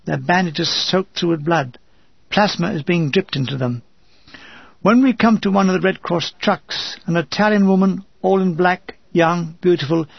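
Guy telling his war story, wry and shaken, fairly high husky voice, dry close sound. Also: dry recording, dull audio. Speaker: narrator of a war memoir. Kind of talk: first-person wartime memoir reading.

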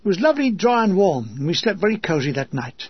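A man narrates a memoir with dry, deadpan humour. His voice is high and husky. The recording sounds dull and lo-fi, with a close, dry sound. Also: fast talker, no room sound. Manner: dry comic storytelling.

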